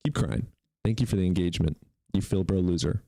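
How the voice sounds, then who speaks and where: Taunting low-voiced male streamer. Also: fast, creaky, mellow, no room sound, clean studio sound. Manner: taunting and mocking, swears, bursts into laughter. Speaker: streamer hosting call-in debates. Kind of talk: livestream debate with chat.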